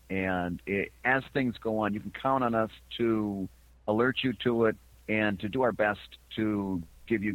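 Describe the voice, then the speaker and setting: Male co-host, lively and bright, close dry mic. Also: on the low side, no echo, low-quality recording. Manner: lively, laughs easily. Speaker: podcast co-host. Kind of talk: casual podcast chat.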